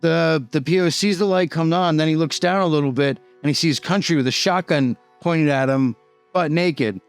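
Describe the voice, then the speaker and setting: A Boston YouTuber loosely recounts a prison story at a moderate pace, his speech full of "like" and "you know." The voice is smooth and clear at an ordinary pitch, captured in a close, dry recording with faint music underneath.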